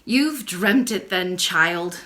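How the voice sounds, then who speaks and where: A woman's voice: lowish voice, expressive, takes it slowly, a bit bright, pitched below the performer's own voice. A woman doing a stern scolding nurse. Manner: cold, scolding, huffy. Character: stern cross old-fashioned woman nurse.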